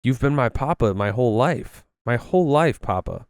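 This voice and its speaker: A man's voice: mid-range voice, lively intonation, normal speed, a little mellow, no echo, studio quality, lightly acted. A man voicing a frightened eight-year-old boy with an odd foreign accent who pleads and clings. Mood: pleading.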